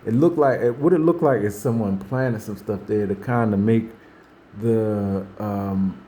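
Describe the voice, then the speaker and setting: This male host has a lowish, dark-toned voice and keeps a measured pace over a faint hiss or hum. Chatting casually about faith and daily life, he rambles, restarts, repeats himself, and acts out other people's words.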